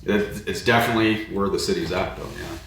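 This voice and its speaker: A man's voice: sits low, a little fast, creaky, a bit bright, a little hiss or hum. A man, a pastor hosting, talking thoughtfully and searching for words in a casual conversation. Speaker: host and pastor. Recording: very echoey room, faint background ambience.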